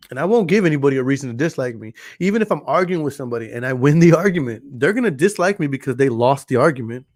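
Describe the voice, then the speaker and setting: Loud, passionate man. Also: fairly high pitch. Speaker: podcast host. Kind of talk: casual monologue to camera. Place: in front of a green screen. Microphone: camera recording.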